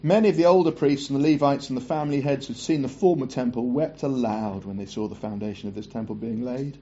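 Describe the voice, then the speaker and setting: A man's voice: mid-range voice, fast, warm tone, breathy edge. Chatty man preaching a sermon, muffled. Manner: chatty asides between scripture readings.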